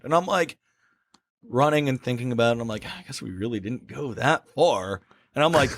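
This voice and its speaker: A man's voice: medium pitch, fast talker, no room sound. A man casually telling a wild story on a podcast, swearing a lot and acting out the other people's voices. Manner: profane, animated storyteller who acts out voices. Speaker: podcast co-host. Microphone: studio mic.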